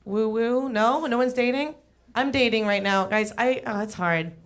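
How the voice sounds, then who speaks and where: A woman's voice: on the high side, moderate pace. A young adult woman delivers a stand-up set on a comedy club stage. She is chatty and self-deprecating. Her delivery is loose and full of casual fillers.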